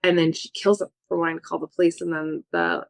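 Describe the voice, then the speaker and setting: A woman with an East Coast American accent talks through a film plot in a relaxed, chatty way. Her voice sits on the low side for a woman. She keeps slipping into acted-out reactions. The sound is close and dry, with no room around it. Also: quick pace, vocal fry, no room sound. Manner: chatty, animated retelling, acts out reactions in a higher voice. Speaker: film review podcast host. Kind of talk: casual chat.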